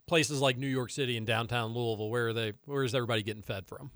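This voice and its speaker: A man co-hosting a radio show, quick and opinionated, repeating words for emphasis. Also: mid-range voice, fairly even intonation, fairly bright tone, no echo, clean studio sound. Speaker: co-host of a radio sports and politics show. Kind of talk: casual talk-radio banter.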